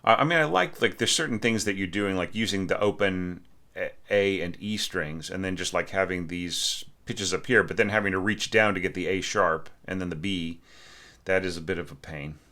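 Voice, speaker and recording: A man with a very low voice talks through a student's orchestral score as a teacher. His critique is casual and chatty, with frequent fillers, restarts and the odd hummed phrase. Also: normal speed, bright, forceful tone. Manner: conversational, with many fillers and restarts; hums musical lines aloud.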